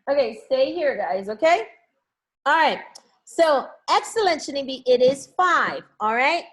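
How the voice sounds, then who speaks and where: A woman's voice: sits high, expressive, measured pace, fairly bright tone. A woman teaching an online class from home, coaxing her students to answer with lots of encouragement. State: has a headache.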